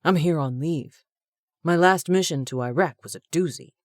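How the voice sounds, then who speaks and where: A woman's voice: deep voice, moderate pace, a little mellow, no room sound, studio quality, natural voice. Woman reading as a cocky young male show-off. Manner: brash, boastful.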